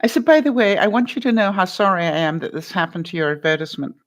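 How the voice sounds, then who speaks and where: Older woman telling a lively workplace story. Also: on the low side, fast talker. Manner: animated anecdote-telling, quotes both sides of a phone call, laughs often. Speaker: vlogger giving life advice. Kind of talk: casual storytelling to viewers.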